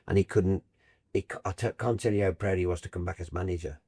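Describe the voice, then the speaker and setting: Older broadcaster, husky, deep, storytelling guest. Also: male voice, a little fast, no echo, clean studio sound. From Birmingham, England. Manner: warm anecdotal, animated, trailing restarts. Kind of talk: casual storytelling chat.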